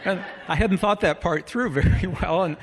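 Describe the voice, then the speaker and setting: A man's voice: high voice, normal speed, slight background noise. A middle-aged man telling a personal story to a live audience in an earnest way, often asking the listeners rhetorical questions. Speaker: speaker. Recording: long hall reverb.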